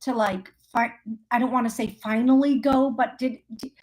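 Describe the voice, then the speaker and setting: A woman's voice: on the high side, steady tone, normal speed, a little mellow. A woman hosting a call-in show as a psychic medium. She talks in a chatty, rambling way, with lots of fillers and self-corrections, and laughs often. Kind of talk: casual live call-in readings.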